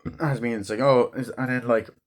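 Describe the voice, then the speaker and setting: A man's voice: medium pitch, fairly even intonation, quick pace. A man giving a casual movie review, rambling and swearing freely as he acts out scenes.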